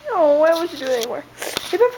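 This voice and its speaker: A woman filming her dog at home on a handheld camera, calling to it in high, playful baby talk. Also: sing-song, rapid-fire, darkish tone, slight background noise. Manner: high sing-song coaxing, playful. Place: home, indoors.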